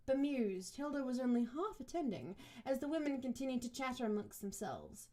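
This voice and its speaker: Besetzung: junge Frau, hohe Stimme, sarkastische Vorleserin mit Kommentaren. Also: female voice, high voice, sing-song, mellow. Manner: sarcastic, quick asides, swears. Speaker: podcast co-host and reader. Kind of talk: book reading with comic commentary.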